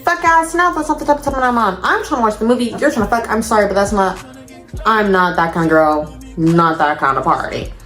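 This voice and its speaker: A woman's voice: mid-range voice, fast talker, fairly bright tone, reverberant, soft background music. A young woman telling a storytime vlog to her viewers in casual slang, addressing them as y'all. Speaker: storytime vlogger.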